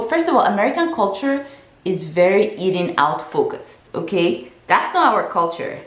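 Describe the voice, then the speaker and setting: A woman's voice: medium pitch, lively intonation, normal speed, reverberant. A young woman from Africa giving frank, chatty advice in a casual vlog, with many fillers and restarts. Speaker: vlogger.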